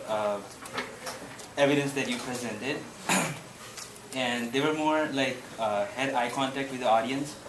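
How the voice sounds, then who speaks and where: Halting male student, echoey noisy room. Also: medium pitch. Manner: halting, soft, filler-heavy. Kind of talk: peer feedback. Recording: echoey, very noisy classroom recording.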